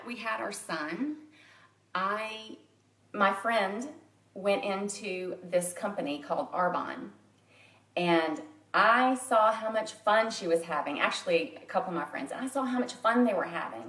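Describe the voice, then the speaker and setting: A woman's voice: medium pitch, a bit bright, reverberant, far from the mic. A woman in her forties from Louisiana, chatting openly and personally in a live video to a private group, often laughing at herself. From Louisiana, USA. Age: 40s. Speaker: makeup artist and direct sales consultant.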